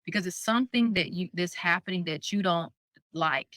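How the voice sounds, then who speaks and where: A woman co-hosting a podcast talks with a bright, forceful tone, laughing easily and acting out the people she quotes. Her voice is close and dry, with no room around it. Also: fairly low pitch, fairly quick, dry recording. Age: adult parent of a young child. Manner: animated, laughs often, acts out quoted speech. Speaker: co-host and coach. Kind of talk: casual podcast chat.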